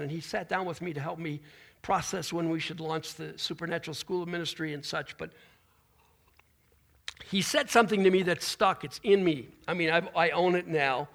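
High gravelly-voiced male pastor. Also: a bit bright. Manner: informal preaching with restarts and folksy asides. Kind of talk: conversational sermon.

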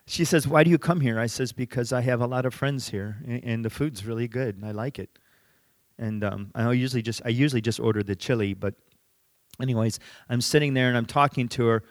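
Middle-aged male pastor, mid-pitched, conversational sermon storyteller, dry close mic. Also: fairly even intonation, brisk, no room sound. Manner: conversational, drops soft for emphasis.

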